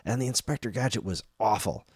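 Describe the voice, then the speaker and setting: A man's voice: on the low side, quick pace, darkish tone, slightly rough, no room sound, clean studio sound. A man in his thirties co-hosting a casual chat show, rambling off on tangents. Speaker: podcast co-host.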